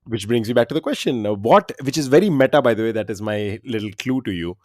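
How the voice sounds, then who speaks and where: Animated male quiz podcast host. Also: mid-range voice, fast, dry recording, clean studio sound. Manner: animated, laughs often. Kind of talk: casual quiz chat.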